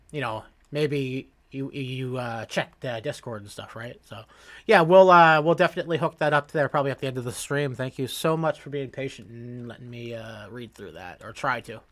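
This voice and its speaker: A man's voice: mid-range voice, fairly bright tone. A man streaming a game, chatting casually with fillers and restarts and joking about his own reading. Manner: halting, full of fillers and restarts; self-mocking, laughs at his own reading. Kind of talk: casual game commentary and reading dialogue aloud.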